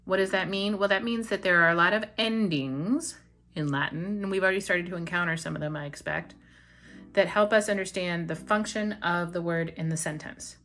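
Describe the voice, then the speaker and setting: A woman with a slightly low voice teaches a beginner grammar lesson. She explains patiently, step by step, drawing out the key terms and pausing to check in with her students. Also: a bit bright. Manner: slows down to stress key words. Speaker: Latin teacher.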